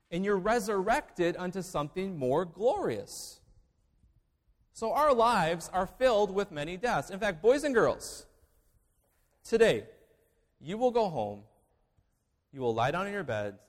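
A male pastor preaching a sermon, emphatic, moving between loud declarations and hushed asides. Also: sits high, in a large hall.

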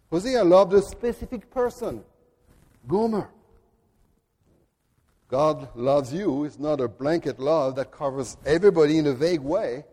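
A man with a French accent preaching a sermon in an earnest, deliberate way, at times speaking directly to children. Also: on the high side, mellow, big-room sound. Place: church.

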